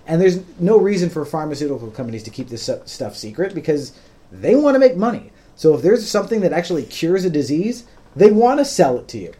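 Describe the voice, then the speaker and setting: A man's voice: on the high side, sing-song, brisk, warm tone. A man hosting a podcast, patiently explaining things in plain words with frequent ums. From United States. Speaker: podcast host. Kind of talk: casual explanatory podcast talk.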